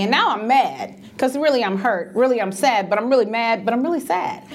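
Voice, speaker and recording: A woman's voice: high voice, expressive, moderate pace. A middle-aged woman telling stories about grief and end-of-life care, emphatic and acting out the voices she quotes. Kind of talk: animated storytelling talk.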